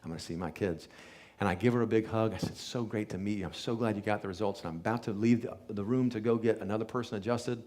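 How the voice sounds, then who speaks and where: A man's voice: lowish voice, quick pace, hardly any pauses, a little mellow. A man, a chiropractor, earnestly telling a patient's healing story to a live audience and acting out what people said. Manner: earnest testimonial storytelling, acts out quoted speech.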